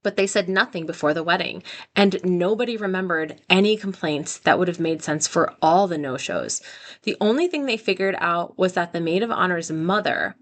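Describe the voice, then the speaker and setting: A woman's voice: on the low side, moderate pace. A young woman hosting a story channel, reading posts aloud into her own microphone and reacting with chatty asides. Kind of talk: reading stories aloud with commentary.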